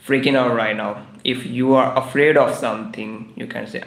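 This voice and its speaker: A man's voice: mid-range voice, fairly even intonation, moderate pace, gravelly, hardly any pauses, roomy sound. A man teaching English idioms on a live stream, repeating each phrase several times in broken English. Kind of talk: livestreamed English idiom lesson. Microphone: live stream microphone.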